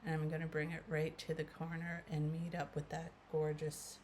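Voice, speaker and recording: A beauty vlogger in her fifties, a Canadian woman, chats casually with viewers through a makeup tutorial, calling them "guys" and using lots of fillers. Her voice is low and darkish, her delivery completely flat at a normal speed, with slight background noise.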